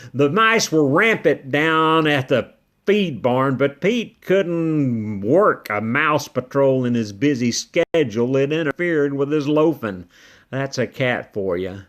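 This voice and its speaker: A man giving first-person storybook narration as a ranch dog, folksy in manner. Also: medium pitch. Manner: folksy, slow-paced telling as a ranch dog. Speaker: audiobook narrator.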